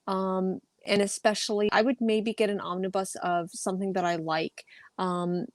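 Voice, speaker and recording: A young woman guest talks things through in an earnest, thoughtful way, stopping often with "um." Her voice is at a middle pitch. The sound is dry and close, with no room around it. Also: little pitch movement, normal speed, no room sound. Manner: thoughtful, earnest, frequent ums. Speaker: guest YouTuber. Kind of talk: casual chat.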